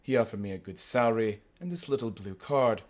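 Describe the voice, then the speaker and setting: A man voicing an older male professor who tells his story with a dry, wry wit, in a measured delivery with sudden bursts of pitch. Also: a little mellow, lightly acted. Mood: droll. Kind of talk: audiobook character voice.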